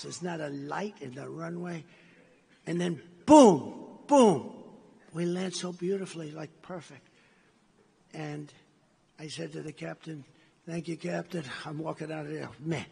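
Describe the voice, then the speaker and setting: At a gala, an older American man tells a meandering, repetitive story and voices the characters' dialogue himself, his words echoing around a large hall. The voice is a little high and gravelly, slightly rough, steady in tone and a touch slow.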